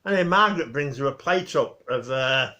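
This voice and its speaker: A man's voice: medium pitch, expressive, normal speed, bright, forceful tone, dull audio. A man talking casually in a rambling vlog tribute, swearing mildly as he recounts things. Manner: rambling, mild swearing, restarts and fillers. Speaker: vlogger.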